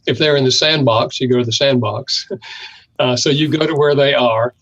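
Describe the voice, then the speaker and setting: An older man speaks as an interview guest, laying out his ideas and sharing stories. His mid-range voice comes through a little dull and lo-fi. He lifts his pitch when he acts out quoted lines. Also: normal speed. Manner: warm storytelling, acts out quoted lines with a lifted voice. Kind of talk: explaining in an interview.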